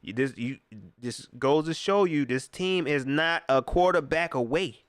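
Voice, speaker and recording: A sports fan channel host reads viewer comments on his live stream, venting casually with slang, frequent fillers and pointed rhetorical questions. His slightly high voice has lively intonation and an unhurried pace, and the studio sound is clean with no echo.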